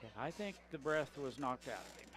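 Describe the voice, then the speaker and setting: A man giving color commentary on a local high school football game, breaking plays down in plain conversational talk. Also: lively intonation, a little fast, a bit bright, slight background noise.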